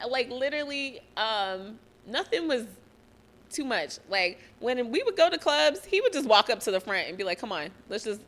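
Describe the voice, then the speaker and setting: Candid and profane, this young solo podcast host shares a personal story, laughing and coming close to tears at points. Her voice is medium-pitched with a fairly bright tone.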